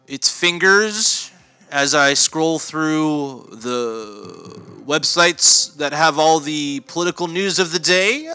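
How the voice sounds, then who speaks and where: In a smooth, slightly high voice, a man hosting a comedy podcast gives a rambling monologue that's deadpan and mock-pompous. He keeps using fillers and correcting himself.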